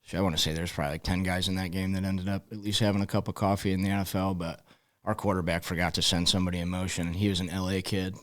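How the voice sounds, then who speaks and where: Deep voiced coach guy, middle aged, chatting on a podcast, acts out what people said. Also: rapid-fire, few pauses. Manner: relaxed storyteller who acts out quoted dialogue. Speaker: high school football head coach. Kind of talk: podcast interview, storytelling.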